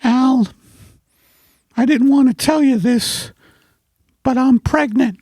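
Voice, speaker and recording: A man voicing a cheery older wife with a high, sing-song voice in a comedy bit. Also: takes it slowly, dark tone, slightly rough, dry recording, exaggerated voice. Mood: chirpy.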